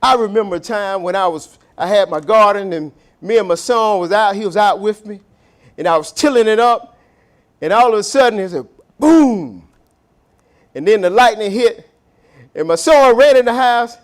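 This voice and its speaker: A pastor preaches in a church, his voice sitting well above the usual male register. He lurches between loud, emphatic lines and hushed, low asides, drawing out the words he wants to land. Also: moderate pace, clear, resonant tone. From Southern United States. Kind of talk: sermon. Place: church sanctuary.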